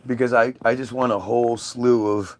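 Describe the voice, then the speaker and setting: A man's voice: mid-range voice, fairly even intonation, normal speed. A man hosting his own livestream, musing aloud in a casual, rambling and sarcastic way from home. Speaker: livestream host.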